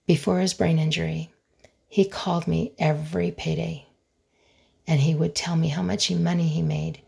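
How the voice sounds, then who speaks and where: A middle-aged woman hosts a solo podcast as a conflict resolution expert, speaking earnestly and emphatically with dramatic pauses. Her voice sits low and is gravelly, husky, and darkish, with a flat delivery.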